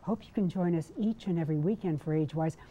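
In a studio kitchen, a woman hosting a TV cooking segment gushes over the food and warmly signs off the show. Her voice is fairly low, and she talks fast.

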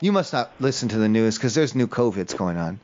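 A man's voice: lowish voice, expressive, a little fast, a little mellow. A man making a prank phone call, whiny, emotional and easily offended. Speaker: prank caller.

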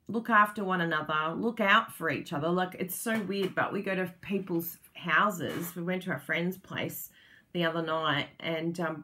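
A woman's voice: lowish voice, bright, forceful tone. An Australian woman hosting a crafting livestream, chatting casually with viewers, laughing often and letting her sentences wander and trail off. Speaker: crafting channel host.

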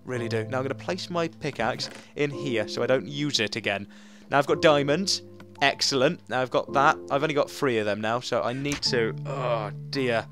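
A man's voice: medium pitch, normal speed, fairly bright tone, faint music behind. A young English man chatting through a game, narrating his moves and mocking himself. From England. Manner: chatty, self-mocking, talks to himself while playing. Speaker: gaming YouTuber. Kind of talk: let's play commentary.

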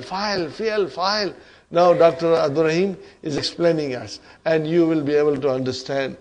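An Arabic teacher runs a classroom grammar lesson, speaking slowly and deliberately in a slightly raised voice that sits high with a darkish tone. He often turns to the students with quick questions to make sure they're following.

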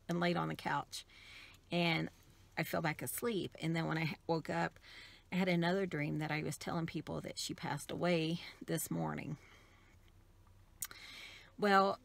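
A middle-aged woman from the United States, telling an emotional personal story in a soft, rambling way with many restarts. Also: lowish voice, gravelly. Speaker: craft vlogger.

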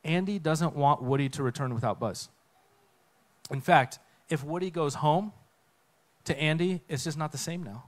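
A man giving a conversational sermon talk on a church stage, telling a story with lively acted-out quotes. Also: fairly high pitch, normal speed. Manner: animated storytelling, acts out quotes. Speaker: guest speaker.

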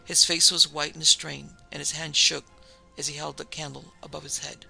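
A man narrating a ghost story in a measured, even storytelling delivery. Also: fairly high pitch, vocal fry, breathy edge, soft background music, poor audio. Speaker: narrator and producer.

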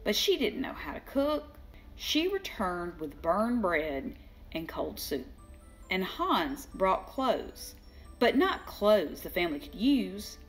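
Older lady reading kids a storybook, slow, pitch jumping all over, faint music behind. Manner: slow, lively voices for each character. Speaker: children's book reader. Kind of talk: storybook read-aloud.

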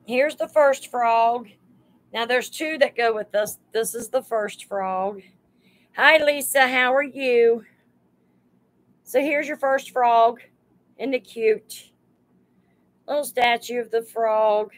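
A woman runs a live sale stream, pricing items one by one and greeting her viewers by name. She talks in an unhurried, homey drawl, with a fairly high voice. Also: rough recording. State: overheated.

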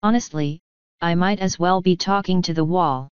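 A woman voicing a bossy, pompous male wizard leader who talks briskly and impatiently. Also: on the low side, clean tone, dry recording, lo-fi sound, natural voice.

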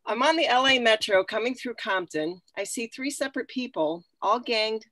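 A woman's voice: a little high, animated, normal speed, fairly bright tone, no echo. A woman reading a short note aloud on a video call, with a few small restarts.

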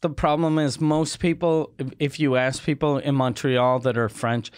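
A podcast co-host banters casually, relaxed and profane. His mid-range voice is clear and resonant at a moderate pace, recorded at studio quality with no echo.

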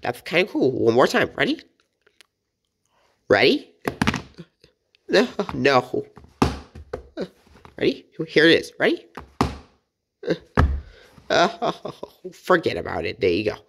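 Woman toy-review host: low voice, hugely swooping pitch, playful and giggly. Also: huge pitch swings, takes it slowly, vocal fry, pauses often, noisy background. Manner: playful, chatty, giggles often. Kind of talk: casual toy review narration.

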